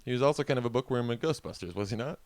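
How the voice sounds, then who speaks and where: A man's voice: mid-range voice, very fast, darkish tone, dry recording. A man co-hosting a podcast, chatting casually over a card game in a teasing, sarcastic way. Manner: teasing, sarcastic, laughs often. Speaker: podcast co-host.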